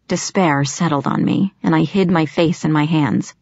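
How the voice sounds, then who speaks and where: A woman with a fairly low voice reads a first-person audiobook in a steady, expressive way. The recording is dry and close, with a slightly dull, lo-fi tone. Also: moderate pace, vocal fry, hardly any pauses, breathy edge, no echo. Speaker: audiobook narrator.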